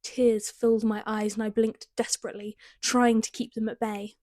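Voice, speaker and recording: A woman's voice: on the high side, level tone, moderate pace, dark tone, no echo. A young British woman reads her teenage novel aloud, breaking in with wry, self-mocking comments. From Britain. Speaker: author reading her teen writing. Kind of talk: reading aloud with comic commentary.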